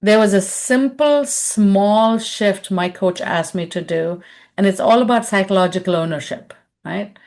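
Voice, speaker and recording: A woman's voice: mid-range voice, a little slow, a little mellow. A woman leadership consultant giving a webinar, telling personal stories in a chatty way and often tagging her sentences with "right?". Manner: chatty storyteller, tags lines with "right?".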